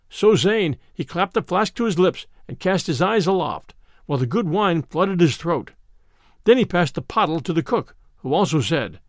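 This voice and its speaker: Expressive male storybook narrator. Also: sits high, normal speed, dry recording, studio quality. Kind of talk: storybook reading.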